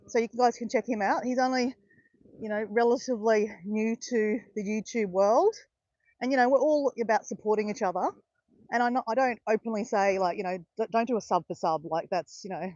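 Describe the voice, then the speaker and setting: The recording is lo-fi with no room sound, and the woman's voice sits on the high side. She's an Australian live streamer who chats casually, says hello to viewers by name, and erupts in excited cheers.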